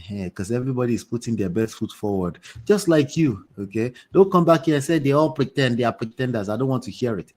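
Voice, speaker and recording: A man's voice: mid-range voice, darkish tone. A man hosting a livestream, reading a story aloud and breaking off for chatty asides to his viewers. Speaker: host.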